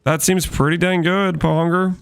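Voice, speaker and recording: A man's voice: high voice, flat delivery, moderate pace, vocal fry, smooth, no echo. A man streaming a game and chatting casually with viewers, teasing them in playful mock outrage. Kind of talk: casual gaming stream chat.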